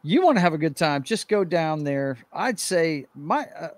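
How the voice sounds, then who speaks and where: A man from Louisiana joins a podcast chat, friendly and enthusiastic. His voice sits a touch high and sounds close and dry. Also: big pitch swings, normal speed, dry recording.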